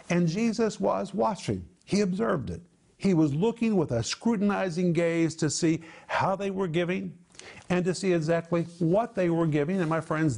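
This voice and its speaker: Brief: male TV Bible teacher, emphatic and explanatory, a little higher-pitched than most men. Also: darkish tone. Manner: emphatic, explains word meanings, repeats for stress.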